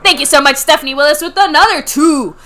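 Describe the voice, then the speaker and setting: A woman's voice: high-pitched, fast talker, background noise. A woman co-hosting a fan watch-party stream, reading out viewer comments, thanking donors and chatting about the game. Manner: chatty, reads chat messages and thanks donors, laughs often. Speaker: co-host reading viewer chat. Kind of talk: live game reaction chat.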